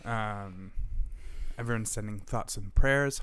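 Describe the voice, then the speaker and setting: A man's voice: on the low side, measured pace, fairly bright tone, clear, resonant tone. Angry swearing man on a podcast. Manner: angry, swearing, laughing between rants. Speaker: podcast co-host. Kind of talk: casual podcast chat.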